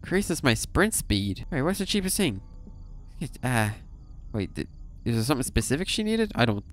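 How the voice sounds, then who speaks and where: A man's voice: mid-range voice, sing-song, moderate pace, faint music behind. A young man playing a horror game for video, reacting with sudden swearing and reading the game's text aloud. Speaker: gaming YouTuber. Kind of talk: horror game let's play commentary.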